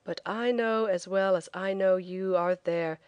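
A woman reading a travel memoir as an audiobook narrator, telling it in a clear, lively way. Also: medium pitch, measured pace, no room sound, muffled recording.

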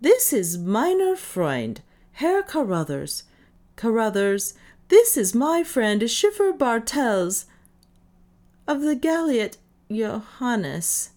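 A woman voicing an impulsive, hearty young male yachtsman in an audiobook, with excited exclamations. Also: a little high, slow, voice pushed up.

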